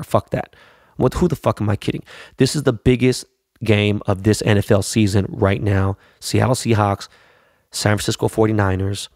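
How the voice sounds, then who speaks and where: A middle-aged man talks through a loose, profane podcast monologue, getting hyped as he rambles. His voice sits low and gravelly. The sound is dry and close to the mic. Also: darkish tone, no echo. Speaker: podcast host. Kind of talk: casual monologue.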